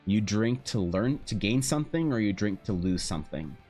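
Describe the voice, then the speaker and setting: A man playing a big old whiskey guide who hands out slow, measured wisdom. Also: lowish voice, expressive, darkish tone, faint music behind. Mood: solemn.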